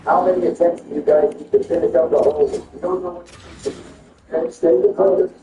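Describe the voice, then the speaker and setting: A man performing a comedic skit over gameplay, switching between a deep bossy voice and high whiny ones. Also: huge pitch swings, fairly quick, creaky, noisy background. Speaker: gaming video creator. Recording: roomy, distant, dull sound with faint music.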